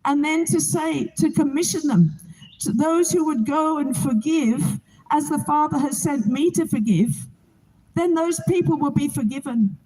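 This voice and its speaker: A woman's voice: high voice, a little slow, warm tone, rough recording. A woman from England, giving an earnest, heartfelt spoken testimony outdoors to a gathering. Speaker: Bible reading organizer.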